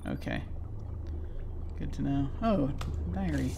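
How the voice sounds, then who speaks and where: Low-key man commenting on a game. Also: wildly swooping pitch, takes it slowly, gravelly, background noise. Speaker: gameplay commentator. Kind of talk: casual let's play commentary.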